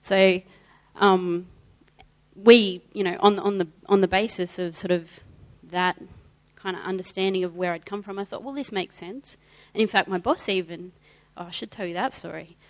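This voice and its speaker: Woman, testimony to an audience, storytelling, animated, hesitant fillers, mid-pitched voice. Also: normal speed. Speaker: guest speaker sharing a testimony. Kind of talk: personal testimony told to an audience.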